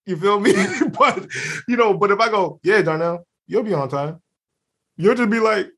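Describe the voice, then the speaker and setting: Man, young adult, high pitched, very lively intonation, animated, laughing, casual podcast banter. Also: moderate pace. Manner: animated, laughs often, acts out quotes. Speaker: podcast co-host. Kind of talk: casual chat.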